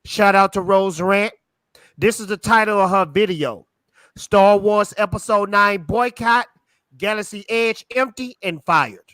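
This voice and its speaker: A man's voice: sits high, unhurried, sharp tone, dry recording. A man co-hosting a livestream, chatting casually and joking while he reads items aloud. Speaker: livestream co-host. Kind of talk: casual chat.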